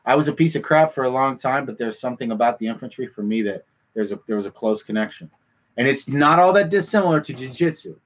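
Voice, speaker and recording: A man hosting a casual chat, rambling and animated, often repeating himself. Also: mid-range voice, fast. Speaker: podcast host.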